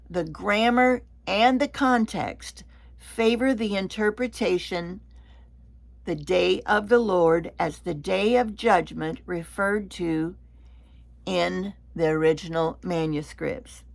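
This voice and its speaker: A woman leading a Bible study lesson, explaining slowly and deliberately and sometimes repeating a word as she goes. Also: on the low side, vocal fry.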